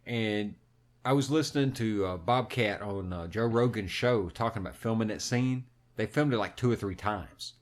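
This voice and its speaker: A man's voice: fairly low pitch, moderate pace. A man swearing through a film retelling. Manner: animated, heavy swearing, recounts a film plot. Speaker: podcast co-host. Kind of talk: casual profane chat.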